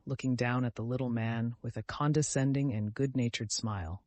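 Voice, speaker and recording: A man's voice: mid-range voice, dry recording. Man narrating an audiobook, dry sound. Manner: steady, measured storytelling. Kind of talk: scripted narration.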